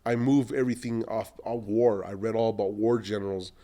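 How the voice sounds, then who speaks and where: A middle-aged man, an entrepreneur, telling long animated anecdotes in a podcast interview and acting out what other people said. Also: lowish voice, fairly quick. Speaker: entrepreneur guest.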